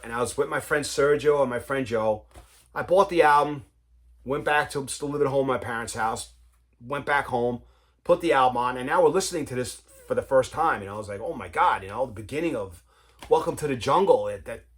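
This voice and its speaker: A man hosts a casual vinyl collector's vlog, rambling along with easy enthusiasm. His voice sits at an ordinary middle pitch. He pads his talk with friendly fillers like "you know, man.". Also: slightly rough. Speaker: vinyl collector, channel host.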